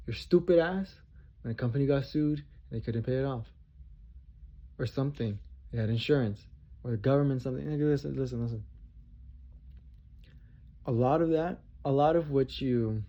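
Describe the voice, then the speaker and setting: A man delivering a heated, profane, confrontational monologue rant straight to his viewers, repeating himself for emphasis. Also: medium pitch. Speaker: vlogger. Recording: dull lo-fi recording.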